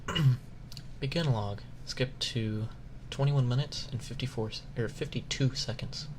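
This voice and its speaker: A man's voice: medium pitch, unhurried. A man streaming live, chatting casually with viewers, laughing often and swearing. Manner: giggly, swears, loses composure. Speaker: ASMR streamer. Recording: background noise hiss.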